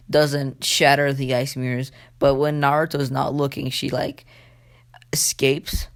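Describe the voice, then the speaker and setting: A man's voice: mid-range voice, gravelly. A man casually telling a fan story, rambling and swearing with many fillers.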